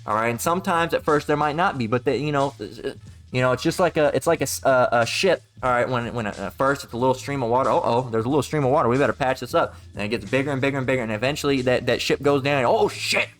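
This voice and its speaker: A man's voice: medium pitch, fast, fairly bright tone, soft background music. A man preaching informally in a rambling, profane way, mocking other people with put-on voices and reading scripture. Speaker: street preacher.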